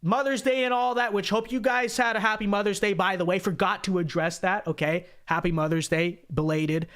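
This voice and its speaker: A man's voice: high-pitched, fairly even intonation, a little fast, a bit bright. A man hosting a political livestream, reading viewer donations in a chatty, repetitive way and tagging lines with "okay?". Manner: chatty, repeats phrases, frequent "okay?" asides.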